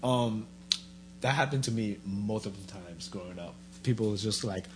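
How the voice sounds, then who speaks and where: A man's voice: lowish voice, a little fast, slight background noise. A man chatting casually, acting out voices as he tells stories. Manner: animated storyteller acting out quotes. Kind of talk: casual chat.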